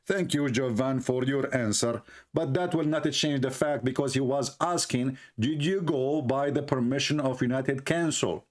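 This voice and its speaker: Speaking at normal speed in a mid-range voice, a man who isn't a native speaker runs a livestream. He makes fun of a clip by asking sarcastic rhetorical questions over and over.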